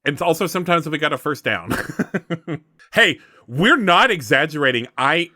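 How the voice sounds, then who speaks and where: A man's voice: fairly high pitch, very animated, measured pace, bright, forceful tone. A man in casual chat as a player, dry and wry.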